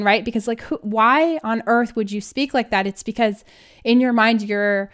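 A woman's voice: on the high side, normal speed, clear, resonant tone. A woman co-hosting a podcast, talking in a casual, emphatic way and laughing through her frustration. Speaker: podcast co-host. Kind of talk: casual conversational podcast chat.

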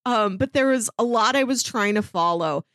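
A woman co-hosts a podcast in casual chat, her slightly high, expressive voice fairly bright and at a normal pace, peppered with "like" and laughter mid-sentence. It's a dry, clean studio recording.

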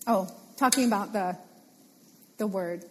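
A woman preaching a sermon, animated and playful, repeating phrases for emphasis. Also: mid-range voice, unhurried, long reverb tail, slight background noise.

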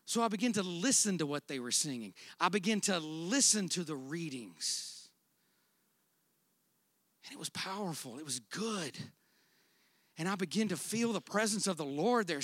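High, bright-voiced preacher man. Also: lively intonation, normal speed, dry recording. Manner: dynamic preaching, swinging from loud emphatic declarations to quiet storytelling. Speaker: pastor. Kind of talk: sermon.

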